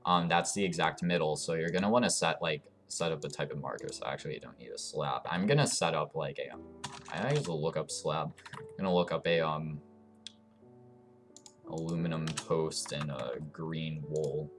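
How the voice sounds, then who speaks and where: A man's voice: extremely low pitch, fairly even intonation, normal speed. A man giving a casual game tutorial over his screen, explaining in a rambling, meandering way at a desktop mic. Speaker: tutorial YouTuber.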